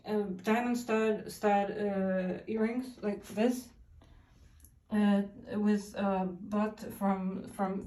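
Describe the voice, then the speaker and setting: A woman talks in a long, rambling monologue, halting often and restarting her sentences. Her voice sits a little high and sounds dark and mellow. She is some way from the mic in an echoey room. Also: far from the mic. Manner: halting, many fillers and restarts. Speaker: vlogger.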